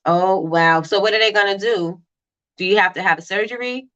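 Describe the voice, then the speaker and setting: Brief: quick, animated woman host of a live business chat, bright voice. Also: mid-range voice, muffled recording. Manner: fast-talking, animated, reads out viewer comments. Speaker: livestream host. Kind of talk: casual live-stream chat.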